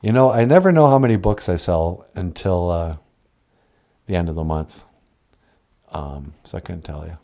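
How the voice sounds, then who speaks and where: A man, a cartoonist, chatting casually in a low-key, dry way. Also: normal speed, long pauses, warm tone. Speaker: cartoonist co-host. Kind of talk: casual chat.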